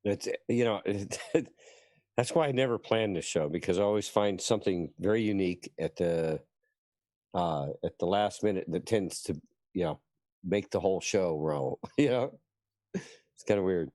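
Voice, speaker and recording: A man hosts a live online show and reads comments to his guests, with plenty of uhs. His voice is deep. The sound is dry and close. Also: a little slow, dark tone, no echo. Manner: hesitant, many uhs. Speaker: host. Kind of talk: live-stream hosting.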